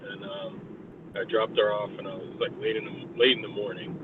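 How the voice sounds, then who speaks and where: A man from New York telling a long, rambling personal story, swearing constantly and filling pauses with filler words. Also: fairly low pitch, steady tone. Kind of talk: casual storytelling. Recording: muffled lo-fi with faint noise.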